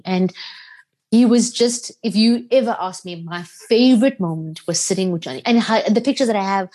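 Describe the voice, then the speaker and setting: Heartfelt South African woman telling stories. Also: mid-range voice. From Durban, South Africa. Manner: heartfelt, animated retelling with acted-out quotes. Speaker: radio presenter, podcast guest. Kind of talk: emotional interview storytelling.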